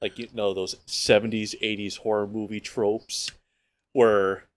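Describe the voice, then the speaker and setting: A man chatting on a podcast, easygoing as he recounts movie scenes. His voice sits on the low side. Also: little pitch movement, unhurried. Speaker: podcast co-host. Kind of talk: casual chat.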